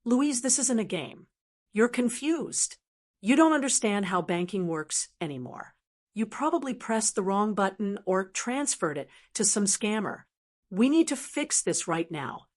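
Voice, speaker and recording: A woman's voice: a little high, very animated, unhurried. A woman voicing a manipulative daughter-in-law who talks down insistently in a storybook reading. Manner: condescending, insistent. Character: pushy, manipulative daughter-in-law, falsely sweet.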